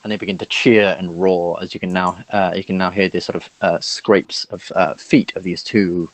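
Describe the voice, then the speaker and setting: Man running a tabletop game, low voice, dry close sound, halting, lots of fillers. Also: little pitch movement, dry recording, poor audio. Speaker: dungeon master.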